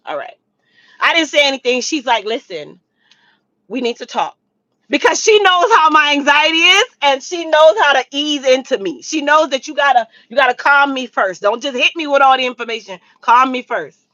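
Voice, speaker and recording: A woman's voice: high voice, brisk, sharp tone, no echo, lo-fi sound. A woman telling a personal story to her viewers in a casual storytime vlog, talking to them directly and repeating points for emphasis. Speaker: storytime vlogger.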